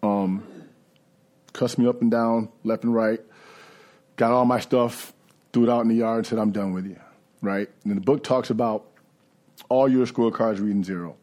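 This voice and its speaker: A man's voice: medium pitch, steady tone, normal speed, long pauses, a little mellow. A man giving a candid, conversational personal recovery testimony. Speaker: recovery speaker.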